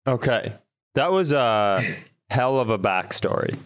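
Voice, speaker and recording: A man with a mid-range voice and an unhurried pace reacts to his co-host's stories on a podcast. He answers with short, dry remarks and wry jokes, and sometimes laughs. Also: medium pitch, animated, fairly bright tone. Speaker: podcast co-host. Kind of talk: casual comedic chat.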